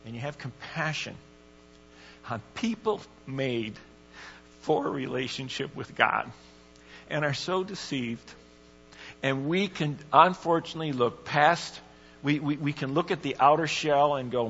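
Bright-voiced man preaching in a church. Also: on the high side, moderate pace, soft background music. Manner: casual, excitable preaching with bursts of shouting. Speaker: guest preacher. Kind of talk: sermon. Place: church sanctuary. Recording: dull lo-fi recording in a reverberant church.

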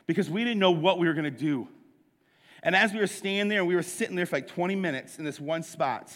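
A middle-aged man preaches in a storytelling style and acts out each line of dialogue with energy. His voice sits fairly high for a man. Long reverb fills the hall around him. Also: a bit bright. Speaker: pastor. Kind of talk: sermon storytelling.

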